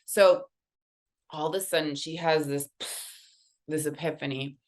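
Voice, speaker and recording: A woman, a guest artist, telling a lively story while reading oracle cards, with a casual, conversational manner and frequent fillers. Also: low-pitched, unhurried, pauses often. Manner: animated, conversational, many fillers.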